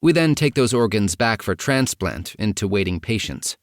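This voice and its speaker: A man narrating a first-person memoir audiobook in a measured, even reading. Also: lowish voice, no room sound, clean studio sound.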